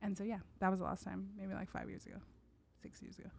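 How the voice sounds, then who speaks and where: Fast-talking young woman telling stories. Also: medium pitch, vocal fry. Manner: fast, animated, acts out voices in stories. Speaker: podcast guest. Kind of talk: casual storytelling chat.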